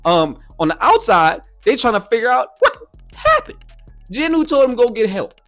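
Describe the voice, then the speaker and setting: A man's voice: very high-pitched, very animated, moderate pace, a bit bright, faint music behind. A man giving a casual, slang-filled anime reaction and review, often asking "you feel me".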